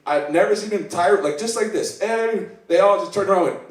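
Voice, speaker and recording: A man from Iceland rambles through open mic stand-up in a self-deprecating way, slipping into other people's voices as he tells the story. His voice sits a little high, and he is caught from a distance in a roomy, echoing space. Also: a little fast, few pauses. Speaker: stand-up comedian. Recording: echoey room recorded from a distance. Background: audience laughter.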